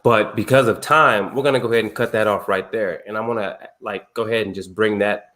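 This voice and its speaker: A man's voice: on the low side, steady tone, a little fast, fairly bright tone. A man hosting an online men's circle on a video call, talking casually and emphatically with slang, telling personal stories. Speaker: circle host. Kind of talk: casual group talk.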